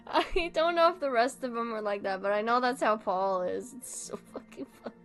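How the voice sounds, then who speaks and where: A woman's voice: fairly high pitch, moderate pace, a bit bright, soft background music. A young woman streamer in casual chat, rambling, giggling often and swearing freely.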